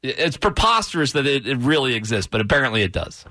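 A man hosting a casual sports talk show, joking and animated. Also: mid-range voice, fast talker, dry recording, studio quality. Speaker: podcast host.

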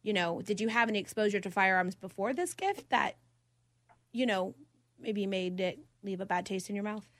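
A woman's voice: medium pitch, moderate pace, fairly bright tone, no room sound. Blunt woman in her twenties, dry mic. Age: 20s. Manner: blunt, opinionated, laughs often. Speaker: podcast host. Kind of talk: casual debate chat.

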